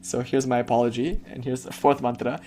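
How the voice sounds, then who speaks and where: A man's voice: medium pitch, level tone, a little fast, darkish tone, slight background noise. A man giving a devotional talk as a spiritual teacher, turning into a blunt, impassioned rant that swears freely and mocks the people he imagines asking him questions.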